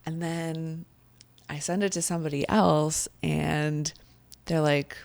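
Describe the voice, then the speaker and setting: Low, gravelly-voiced chatty woman coach. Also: takes it slowly, no room sound. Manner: chatty, animated, lots of fillers. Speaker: spiritual coach. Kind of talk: casual storytelling to camera.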